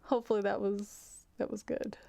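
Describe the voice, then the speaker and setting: Gravelly-voiced woman chatting frankly. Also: mid-range voice, little pitch movement, normal speed, warm tone. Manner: chatty, frank, many restarts. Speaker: livestream host. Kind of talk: casual chat with viewers.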